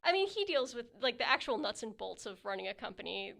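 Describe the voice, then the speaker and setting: A woman from the Mid-Atlantic US co-hosting a podcast, a fast talker in casual chat. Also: fairly high pitch, sing-song, gravelly, fairly bright tone. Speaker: podcast co-host, business owner.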